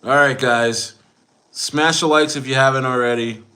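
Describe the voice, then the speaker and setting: A man's voice: medium pitch, fairly even intonation, moderate pace, pushed and bright. A man hosting a casual livestream, rambling about coins, repeating phrases and calling his viewers guys. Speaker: crypto streamer.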